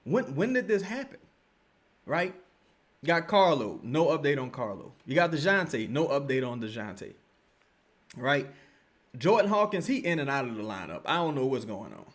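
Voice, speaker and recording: A young man from Louisiana, doing profane, animated live-stream basketball commentary and repeating "right?" to make his points. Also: mid-range voice, moderate pace.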